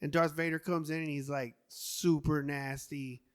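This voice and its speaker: A man on a casual podcast, telling stories with lots of animation. He throws in sound effects and quick impressions, and his voice sits a bit high for a man. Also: little pitch movement, clear, resonant tone. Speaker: podcast co-host. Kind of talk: casual chat.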